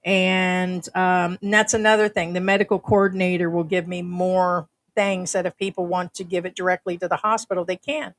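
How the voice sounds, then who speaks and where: Woman, older, from the US, livestream host, casual chatter, low-pitched. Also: little pitch movement, moderate pace, few pauses. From United States. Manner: chatty, reads out viewer comments. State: uses a breathing machine.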